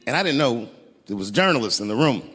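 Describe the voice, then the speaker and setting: A man doing a stand-up routine on a theater stage with a handheld mic, swinging from high incredulous outbursts to low, hushed storytelling. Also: very animated, fast talker. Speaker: stand-up comedian. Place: large theater stage with a live audience. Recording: live hall reverb, audience noise.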